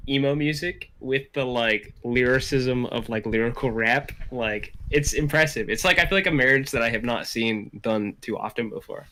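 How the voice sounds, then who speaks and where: A man's voice: mid-range voice, sharp tone. A man guesting on a live stream, reacting with enthusiasm in casual chat. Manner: enthusiastic, quick reactions and laughs.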